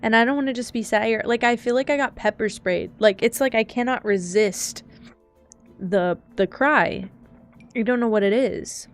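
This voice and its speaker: A woman's voice: on the high side, moderate pace. A young woman streaming live and chatting casually, teary and sniffly from crying, rambling and flustered as she laughs at herself. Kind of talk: casual live-stream chat while gaming. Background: faint background music.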